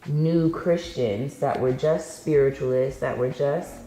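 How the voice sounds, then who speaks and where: A woman's voice: extremely low pitch, a little slow, dark tone. Wry woman in an echoey room. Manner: candid, wry, laughs at her own jokes. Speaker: guest in a discussion video. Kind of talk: conversational commentary.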